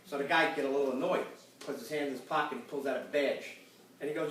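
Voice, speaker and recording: A man's voice: fairly high pitch, fairly even intonation, fast talker. An older man doing stand-up jokes at a church gathering, laughing at his own punchlines. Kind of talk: stand-up joke telling. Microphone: phone camera across the room. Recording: echoey room, far from the mic, loud background noise.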